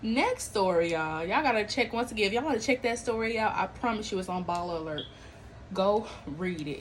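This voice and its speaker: A podcast host with a mid-range voice speaks briskly on a low-quality recording that has a little hiss or hum. Her casual, animated talk on celebrity and viral news is slang-filled, with frequent laughter and acted-out quotes.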